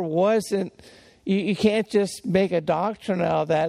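A man's voice: high voice, steady tone, a little slow, vocal fry, dark tone. An older man preaching in a folksy storytelling way, with many restarts and fillers. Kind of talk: sermon-style teaching.

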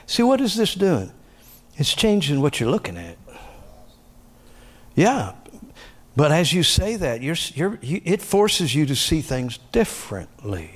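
Middle-aged man preaching with animated emphasis. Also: a little slow, pauses often, breathy edge. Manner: animated preaching with emphatic high pitched bursts and quieter asides. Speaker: pastor. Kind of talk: sermon.

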